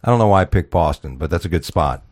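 Rambling, profane radio host. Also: male voice, low-pitched, lively intonation, quick pace, a little mellow. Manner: rambling, profane, laughs at own jokes. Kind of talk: casual comedy talk radio. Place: Florida.

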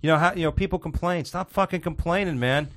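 A man's voice: on the high side, fast talker, a bit bright. A man ranting in heated casual conversation, swearing often and restarting his sentences. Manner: ranting, profane, many restarts.

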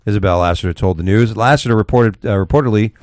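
Crude joking man, low voice. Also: darkish tone, dry recording, clean studio sound. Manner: crude, joking, halting restarts. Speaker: talk show host. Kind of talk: casual chat, reading news stories.

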